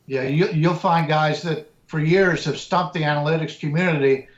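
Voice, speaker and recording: A man, a sports handicapper, giving measured betting analysis and often restarting his words. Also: a little high, fairly even intonation, roomy sound, muffled recording.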